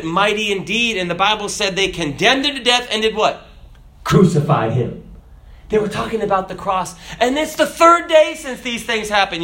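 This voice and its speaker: Animated preacher with a slightly high voice. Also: male voice. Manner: animated preaching, rhetorical questions, reads scripture aloud. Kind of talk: sermon.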